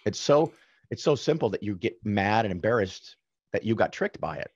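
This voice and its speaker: A man guest on a podcast, casually telling anecdotes with quick asides and self-corrections. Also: on the low side, expressive, a little mellow, no echo, dull audio. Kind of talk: casual storytelling in conversation.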